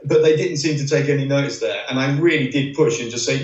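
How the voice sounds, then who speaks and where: A man's voice: mid-range voice, fast, highs cut off. A middle-aged man telling rambling racing stories as a podcast guest, with lots of "you know"s. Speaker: guest, former racing driver. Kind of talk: anecdotal podcast interview. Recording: roomy sound, distant from the mic.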